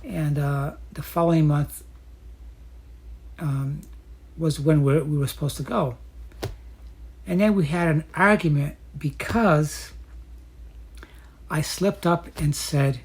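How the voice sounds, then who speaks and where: A woman telling her own dating story in a chatty, reflective way, often pausing with fillers. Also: sits low, darkish tone, breathy edge. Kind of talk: casual personal storytelling.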